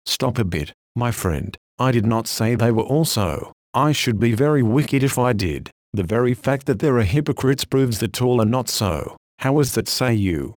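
A man's voice: medium pitch, animated, normal speed, few pauses, darkish tone, no room sound, studio quality. A man reading an old sermon aloud in an earnest, solemn, declamatory way. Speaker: preacher.

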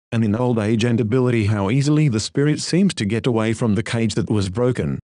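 A man reading an old sermon aloud in a measured, solemn way. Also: mid-range voice, darkish tone, dry recording, studio quality. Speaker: preacher.

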